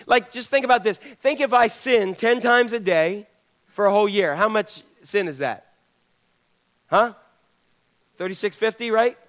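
A man's voice: high-pitched, measured pace, long pauses, fairly bright tone. A male pastor preaching a sermon in a conversational way, putting questions to the congregation.

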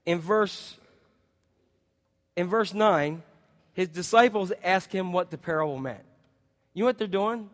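A male pastor preaching a sermon in a conversational, animated way, acting out quoted voices as he goes. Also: high-pitched, normal speed, pauses often, big-room sound. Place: church sanctuary.

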